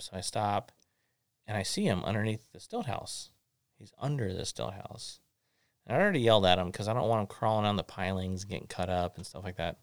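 Guy hosting a chat, low voice, rambles thru a story w lots of ums, dry close sound. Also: brisk, no room sound. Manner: rambling, animated storyteller with many fillers. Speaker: podcast host.

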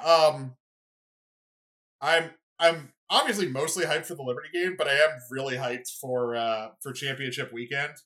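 A young adult hosting a solo sports podcast, talking off the cuff at a mid-range pitch. The delivery is loose and rambling, full of fillers and restarts. It keeps tipping into excited asides. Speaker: podcast host.

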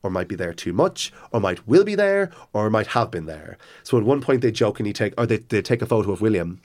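Low-voiced man retelling a book excitedly. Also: a little fast. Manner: enthusiastic, rambling retelling with many restarts. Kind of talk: casual chat about books.

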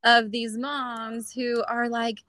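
A woman's voice: mid-range voice, moderate pace, background noise. A young woman, a mother, talking candidly as a podcast guest, often laughing and acting out quoted lines. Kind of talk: casual interview chat.

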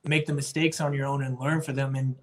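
A young Marine sergeant from North Carolina, answering interview questions earnestly and at a measured pace. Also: male voice, mid-range voice, level tone. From Jacksonville, North Carolina.

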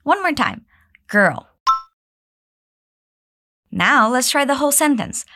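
A woman teaching an English pronunciation lesson, drilling phrases for learners to repeat and praising them warmly. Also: lively intonation, slow pace. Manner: encouraging, drills repetition, pitch leaps on praise.

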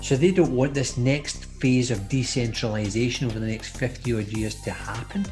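A Scottish man talking casually as a podcast co-host, joking around and laughing often. His voice sits at an ordinary middle pitch. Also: fairly even intonation, moderate pace, a little mellow, faint music behind. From Scotland. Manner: jokey, chatty, laughs often.

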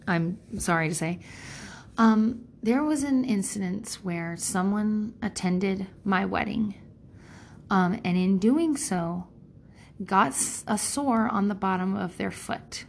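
A woman's voice: mid-range voice, creaky, slight background noise. A middle-aged woman speaking as a parent, talking frankly and casually, rambling off topic, cursing freely and acting out quotes in different voices. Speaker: parent sharing advice. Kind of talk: candid casual monologue.

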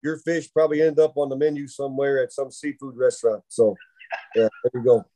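A man, co-hosting a podcast and telling a long funny story in a casual, animated way, often laughing. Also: mid-range voice, a little fast. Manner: animated storyteller who laughs through his own tale. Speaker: podcast co-host.

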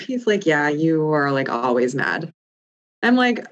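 A woman's voice: deep voice, lively intonation, measured pace, muffled recording. A woman in her thirties, co-hosting a podcast, talking candidly and reflectively with lots of "like" fillers. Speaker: podcast co-host. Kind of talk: casual chat.

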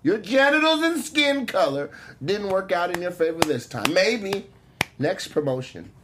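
A man voicing a sassy woman coworker firing back at a sexist colleague, with a drawn-out, mocking delivery. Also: high voice, sing-song, noisy background. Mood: defiant, scornful.

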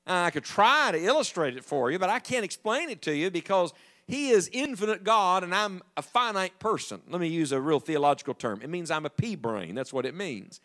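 A man's voice: high voice, fairly quick. A middle-aged man, preaching a sermon as an evangelist in a folksy, storytelling way. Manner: folksy, animated storytelling with jokes to the congregation.

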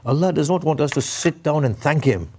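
A man's voice: a little high, animated, a little mellow. Middle-aged man preaching conversationally. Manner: questions the audience, emphatic with sudden slow stresses. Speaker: Islamic preacher. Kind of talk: conversational sermon.

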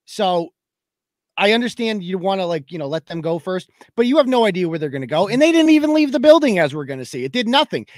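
A man's voice: sits high, sing-song, fast, dry recording. A man hosting a podcast, telling a story in a heated, profane rant and acting out other people's lines as he goes. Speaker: podcast host.

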